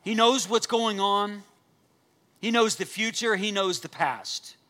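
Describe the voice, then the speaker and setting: Male pastor mid-sermon; bright, ringing tone; emphatic, repeats lines for weight. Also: high voice, slow pace. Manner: preaching with earnest emphasis, repeating key phrases; asks the congregation direct questions.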